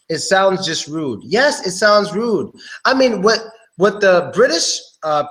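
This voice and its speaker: A man gives a casual live online lesson in English pronunciation, talking in a loose, chatty way. He repeats words and often clears his throat. His voice is on the high side and a bit bright, and the recording is rough.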